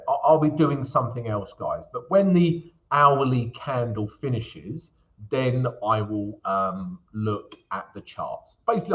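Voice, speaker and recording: A man's voice: mid-range voice, lo-fi sound. A man from England hosting a live trading stream, chatting with viewers by name and talking through charts in a casual, joking way. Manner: chatty, greets viewers by name, jokes between chart talk. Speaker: forex trading stream host.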